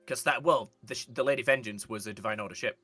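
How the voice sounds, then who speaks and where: A man's voice: medium pitch, fast talker, bright, forceful tone, dry recording, faint music behind. A man, joking and picking apart in casual chat over a game. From northern England. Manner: critical, joking, commenting on accents. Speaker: streamer co-host.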